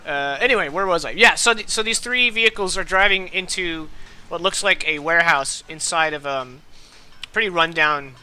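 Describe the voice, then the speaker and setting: Bright, clear man narrating as game master. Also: fairly high pitch. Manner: casual, halting narration with fillers.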